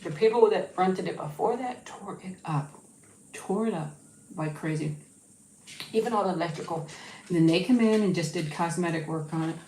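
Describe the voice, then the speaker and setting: Woman, home livestream host, lowish voice, rambly casual chat, echoey room. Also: normal speed, warm tone, a little hiss or hum. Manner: chatty, rambling, coaxing her dog in a sing-song voice. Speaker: YouTube channel host.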